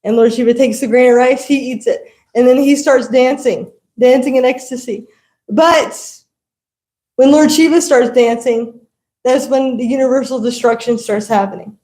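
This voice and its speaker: A woman's voice: high-pitched, steady tone, normal speed, mellow, roomy sound, poor audio. A woman giving a devotional talk, telling a story animatedly and laughing often. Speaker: devotional speaker.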